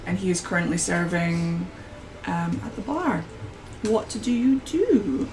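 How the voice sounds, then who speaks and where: A woman narrating a tabletop game as game master, painting scenes at an unhurried pace with frequent restarts. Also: fairly low pitch, darkish tone, rough recording.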